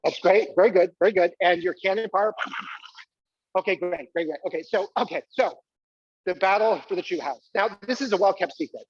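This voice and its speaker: A man's voice: sits high, a little fast, breathy edge, no echo, lo-fi sound. Exuberant man performing a comic stage monologue. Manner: exuberant, squealing with delight, coaxing the audience. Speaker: solo performer. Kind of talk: live comic stage monologue with audience participation. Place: small live venue.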